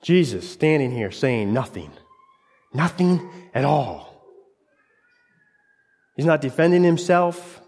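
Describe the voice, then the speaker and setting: A man's voice: fairly high pitch, lively intonation, takes it slowly, long pauses, a little mellow, breathy edge. A man preaching a sermon, telling a scripture story dramatically in short, broken phrases. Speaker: pastor. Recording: long hall reverb.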